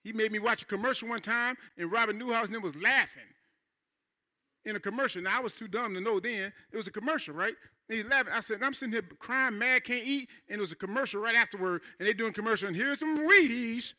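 Bright-voiced animated male pastor preaching. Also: high voice, fairly quick. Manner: animated, conversational preaching with call-and-response asides. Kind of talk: sermon. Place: church.

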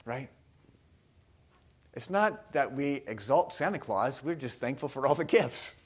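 A man's voice: medium pitch, expressive, measured pace, breathy edge. A man preaching a sermon, talking casually with the congregation and asking them questions. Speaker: pastor.

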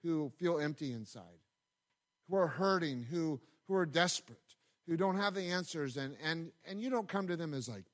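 A man's voice: on the high side, expressive, moderate pace. Conversational man preaching a sermon. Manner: conversational, storytelling with asides and repetitions. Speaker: pastor.

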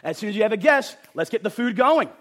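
A man's voice: sits high, fast. A man preaching a sermon, talking emphatically with casual jokes and frequent asides to the crowd. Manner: animated, emphatic, jokey, talks to the crowd with "right?".

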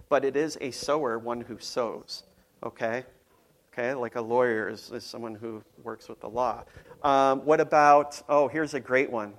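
Chatty pastor, loose sermon delivery. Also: male voice, medium pitch, steady tone, normal speed. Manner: conversational, playful, frequent ums and restarts.

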